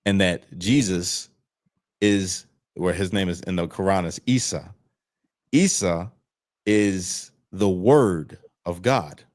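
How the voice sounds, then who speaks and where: Deep, slow and a little mellow, this man on parole joins an interview by video call. He tells his story frankly and plainly, swearing freely in a candid, casual way.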